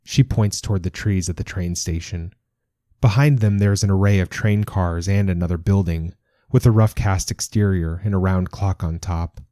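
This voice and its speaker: A man narrates a short story in a calm, measured way. His voice sits very low and sounds dark and mellow. The recording is dry and close, with no room sound. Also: no echo. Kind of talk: scripted narration.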